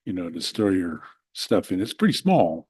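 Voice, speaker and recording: A man on a city council giving a halting, plainspoken report at a desk microphone in a council chamber. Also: low voice, very animated, a little mellow, breathy edge, no room sound, rough recording.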